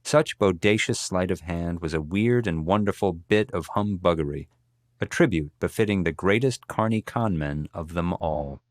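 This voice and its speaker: A man narrating a biography audiobook in a measured, steady storytelling manner, recorded close in a studio. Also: sits low, no room sound. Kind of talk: scripted narration.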